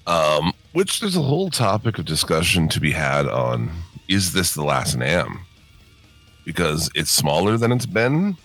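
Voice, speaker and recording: A middle-aged man with a very deep, groggy morning voice hosts a casual podcast. His tone is bright and cutting despite the low pitch, and his delivery roams widely as he swears and laughs through loose chat. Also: huge pitch swings, measured pace, no echo, soft background music. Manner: swearing, laid-back, laughs often. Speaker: podcast host.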